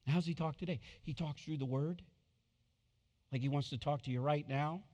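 Guy preaching a sermon, goes quiet then suddenly fired up, big echoey sanctuary. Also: fairly high pitch, moderate pace. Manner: swings from hushed to loud excited bursts. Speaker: pastor. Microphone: wireless body mic.

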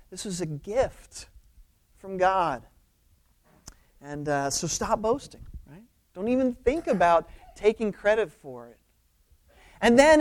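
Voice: mid-range voice, darkish tone. A pastor preaching a conversational sermon, informal and emphatic, often checking in with the listeners.

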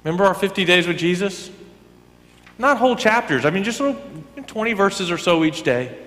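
A pastor with a fairly high voice delivers his sermon in a church sanctuary, where long reverb trails after every phrase. He talks conversationally, swinging from loud emphatic bursts down to quiet, almost whispered asides. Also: expressive, fairly quick.

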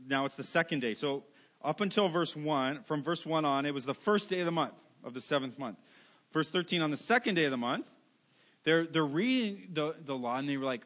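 A man's voice: a little high, fairly bright tone. A middle-aged male pastor preaching a sermon, emphatic, repeating key words, with self-mocking asides.

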